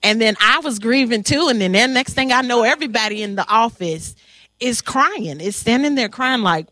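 A woman moderating a panel, telling an emotional story to an audience in an animated, halting way. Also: on the high side, dry recording.

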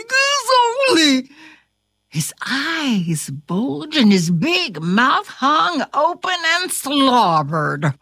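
A woman reading a fairy tale aloud, expressive and drawn out, close to the mic. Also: fairly high pitch, husky, dry recording. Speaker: storyteller. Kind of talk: storybook narration.

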